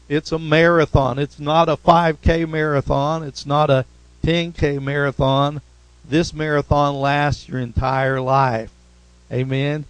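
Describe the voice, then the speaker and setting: Gravelly preacher man. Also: a little high, no echo, poor audio. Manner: call-and-response preaching, repeated "amen?". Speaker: pastor. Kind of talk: sermon.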